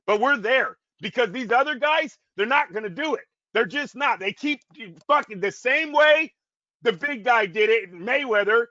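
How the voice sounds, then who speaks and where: A man's voice: sits high, bright, forceful tone, no room sound. A man co-hosting a boxing podcast, ranting in heated, profane casual talk. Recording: dull, dry lo-fi audio.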